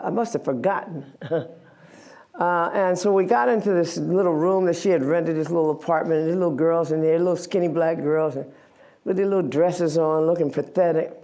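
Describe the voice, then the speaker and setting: A woman's voice: deep voice, gravelly. A woman in her eighties, an activist giving a candid, wry talk about her past to an audience. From United States. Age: 80s. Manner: candid, wry, animated storytelling with self-mocking laughs. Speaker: guest speaker, activist. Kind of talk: storytelling talk before an audience.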